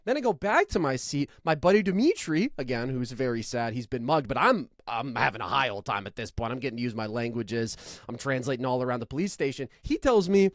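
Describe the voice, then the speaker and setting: A man co-hosting a casual sports podcast, telling stories with dry, deadpan sarcasm and lively energy. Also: medium pitch, fairly quick, hardly any pauses, no echo. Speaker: podcast co-host. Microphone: own microphone, remote recording.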